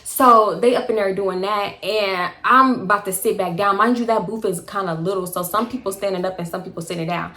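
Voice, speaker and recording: A woman's voice: brisk, hardly any pauses. A young woman in her twenties tells a story casually to a phone camera at home, full of slang and squealing up into quoted voices. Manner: animated, slangy, jumps into quoted voices with sudden high squeals. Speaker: storytime vlogger. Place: bedroom at home. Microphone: phone held close.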